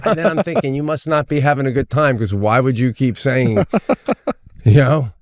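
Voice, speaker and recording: A man's voice: medium pitch, animated, moderate pace, dry recording. A middle-aged man co-hosting a podcast in casual chat, laughing often and asking questions as he mimics voices in his stories. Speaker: podcast co-host.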